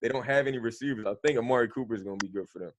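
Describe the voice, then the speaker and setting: A man's voice: mid-range voice, very fast, slight background noise. A man co-hosting a sports podcast, talking bluntly and emphatically with casual profanity. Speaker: podcast co-host.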